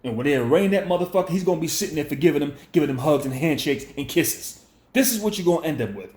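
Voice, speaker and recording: A man's voice: on the high side, lively intonation, quick pace, darkish tone. A man delivering a confrontational, preachy commentary monologue, repeating his points and lecturing the listener. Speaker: commentary vlogger. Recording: echoey room.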